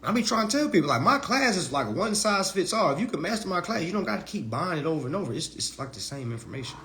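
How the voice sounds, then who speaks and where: A man lectures his followers in a loose, slangy live-stream, his pitch leaping up and down as he mocks people in high voices. A faint hiss of noise sits under the whole recording. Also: very animated, fast, pushed and bright. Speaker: online legal self-help teacher.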